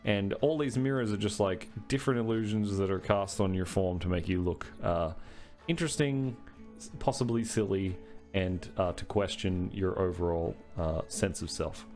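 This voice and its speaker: A man narrating as game master of a tabletop game, halting with many fillers. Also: low voice, a little mellow, faint music behind.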